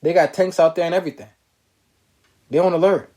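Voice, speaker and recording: Slightly high-voiced man hosting a live talk show. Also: fairly even intonation, brisk, mellow. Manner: loose and conversational, repeats phrases, reads viewer comments aloud. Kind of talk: casual live-stream commentary.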